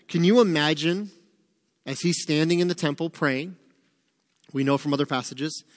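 A man preaches to a small group in a relaxed, conversational way, lively and joking between points. His voice sits a little high. Long reverb trails off the room around him. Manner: animated, chatty, joking asides. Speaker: pastor teaching a Bible study. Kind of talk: conversational sermon.

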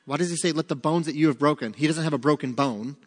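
A man's voice: on the high side, fast. Man teaching Scripture in a hall. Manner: asks the class questions, then answers them. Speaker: Bible teacher. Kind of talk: interactive Bible study teaching.

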